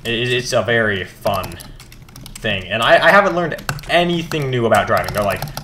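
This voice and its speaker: A man's voice: medium pitch, expressive, normal speed, sharp tone. A teenage boy rambling casually while gaming, laid-back and mumbling with hesitant fillers. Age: teens. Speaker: gaming vlogger. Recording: faint background noise, keyboard clicks.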